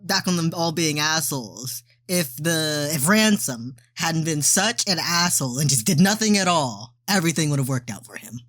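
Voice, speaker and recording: A podcast co-host in a casual movie chat, relaxed and jokey, quick to laugh. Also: mid-range voice, dry recording, clean studio sound.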